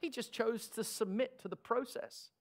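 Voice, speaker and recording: Aussie pastor guy preaching, kinda high voice, jokey sarcastic bits. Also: normal speed. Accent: Australian. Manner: animated preaching with sarcastic asides. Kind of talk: sermon.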